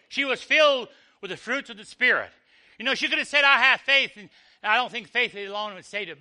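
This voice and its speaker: A male preacher delivers a storytelling sermon. His voice sits high for a man and sounds very bright and ringing. He acts out the dialogue and often drops low and soft to drive a point home.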